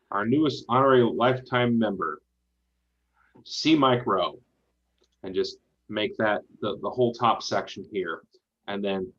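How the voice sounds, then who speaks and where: Low-voiced man giving relaxed web feedback. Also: highs cut off. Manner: thinks aloud, relaxed and encouraging. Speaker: web design reviewer. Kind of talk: casual spoken feedback while reviewing a website.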